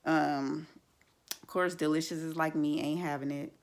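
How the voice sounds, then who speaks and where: A woman's voice: low voice, fairly even intonation, normal speed, darkish tone. A woman recapping a reality TV episode in a blunt, chatty way, full of fillers and frank opinions. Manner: blunt, chatty, many fillers like "like" and "you know". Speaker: TV show reviewer.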